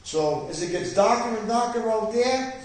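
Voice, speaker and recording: A man's voice: sits high, expressive, normal speed, darkish tone. A man pastor leading a Bible study sermon in a church, preaching fervently with rising emphasis. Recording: echoey church hall, distant mic.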